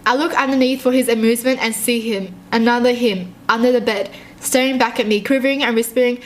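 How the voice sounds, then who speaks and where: A young woman reading short horror stories aloud and reacting in a jumpy, excitable way, often laughing. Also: fairly high pitch, quick pace, few pauses.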